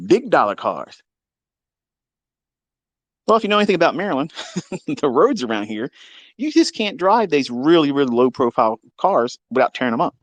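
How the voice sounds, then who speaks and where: A man hosting a live audio chat, telling a long story in a profane, mocking, animated way. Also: on the high side, moderate pace, long pauses, no room sound. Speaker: Twitter Space host. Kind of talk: casual storytelling rant. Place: lives in Maryland.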